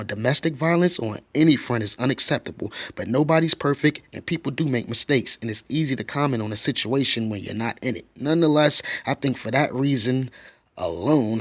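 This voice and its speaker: A man hosting an online video, giving scripted commentary in a measured, plain delivery. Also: medium pitch, dry recording. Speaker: channel host.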